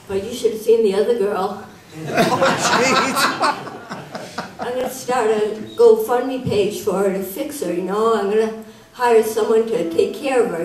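A woman's voice: medium pitch, darkish tone, slight background noise. A woman performing stand-up comedy at an open mic, telling jokes and acting out the people in them. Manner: joke-telling, acts out characters in her jokes. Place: live venue with audience. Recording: echoey room, mic from far off.

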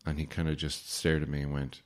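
Low-voiced man telling wry anecdotes. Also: little pitch movement, a little fast, clear, resonant tone. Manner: wry, sarcastic anecdotes with mock-formal asides. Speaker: podcast host. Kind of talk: casual storytelling monologue.

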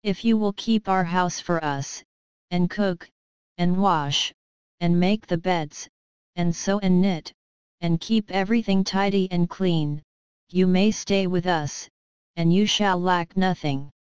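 A woman voicing a group of small, kindly male dwarfs in a storybook reading, slow and plain. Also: lowish voice, a little mellow, smooth, dry recording.

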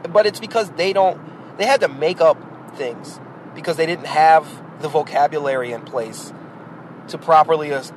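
Here a parent who hosts a podcast, his voice on the high side, rambles bluntly about child-rearing in a casual, opinionated monologue. He's rhetorical and talks directly to the listener, with slight background noise and rough recording quality.

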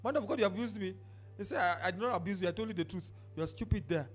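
A high-voiced pastor delivers a rapid-fire sermon. He shifts between loud outbursts and quiet remarks and instructs the congregation to turn to the people beside them.

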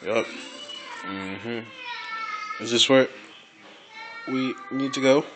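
A man giving casual, excitable gameplay commentary, swearing, laughing and repeating phrases. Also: lowish voice, unhurried, long pauses, over music, poor audio.

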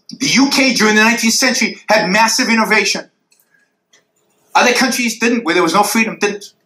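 A man's voice: high voice, bright, forceful tone, echoey room, poor audio. A man answering audience questions after a university lecture, arguing emphatically and sketching graphs in the air.

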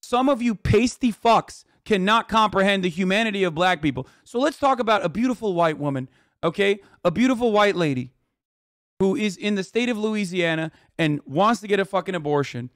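A man with a fairly high voice rants furiously at his livestream chat, swearing freely as he reads out news and tears into viewers. The sound is dry and close, with no room around it. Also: animated, brisk, a bit bright, no room sound. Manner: angry, profane, reads news aloud then rants at chat. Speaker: streamer reacting to news. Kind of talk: heated livestream rant.

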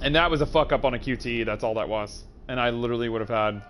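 A man streaming a game live, chatting in an animated, joking and profane way. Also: medium pitch, fast, soft background music. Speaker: gaming streamer. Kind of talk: casual live-stream commentary.

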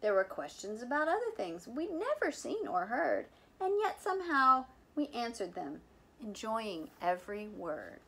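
Animated woman reading a picture book. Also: on the high side, unhurried, husky. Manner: animated, playful, with chatty asides. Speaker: volunteer reader.

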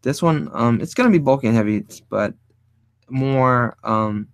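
A man teaching design while he draws, thinking aloud in a casual, rambling way, often hunting for the right word and sometimes speaking low. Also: expressive, measured pace, gravelly, clear, resonant tone, no room sound. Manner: speaks fairly low and quiet at times. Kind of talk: casual drawing tutorial talk.

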